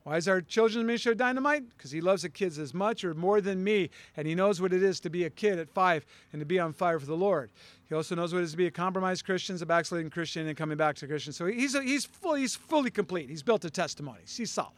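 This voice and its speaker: A man with a high, light voice preaches a conversational sermon. He slips into the voices of people in his stories as he goes. The sound is dry and close, with no room behind it. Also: fast, no echo. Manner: conversational preaching, acts out dialogue. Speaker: pastor.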